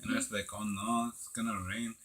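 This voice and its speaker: A rambling young Tijuana man voiced by a man in a put-on act tells a comic tale in a heavy Mexican accent. He rushes and loses his thread. His tone is bright, with a husky edge. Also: fairly low pitch, little pitch movement. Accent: put-on Mexican Spanish accent. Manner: meandering, flustered storytelling. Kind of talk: improvised comic storytelling.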